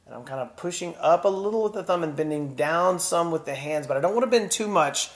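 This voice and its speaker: A man's voice: fairly high pitch, lively intonation, brisk. Encouraging male drama teacher. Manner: gentle, encouraging, demonstrative. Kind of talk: children's drama lesson.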